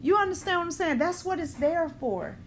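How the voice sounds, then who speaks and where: A woman giving a blunt, emphatic spiritual talk who swears freely, then eases into a slow guided visualization. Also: extremely high pitch, lively intonation, slight background noise. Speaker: spiritual teacher. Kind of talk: spoken ritual talk.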